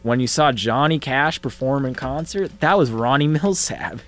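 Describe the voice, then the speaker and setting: A young man co-hosting a college radio talk show, joking in a deadpan, mock-serious way. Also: medium pitch, normal speed. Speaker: co-host.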